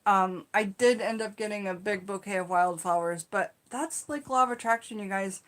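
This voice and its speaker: A woman casually telling personal stories in an animated, chatty way, full of "like" and "you know". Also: mid-range voice, normal speed. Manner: animated, chatty, acts out her own shouts in the retelling; frequent fillers like "like" and "you know". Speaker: storytelling channel host.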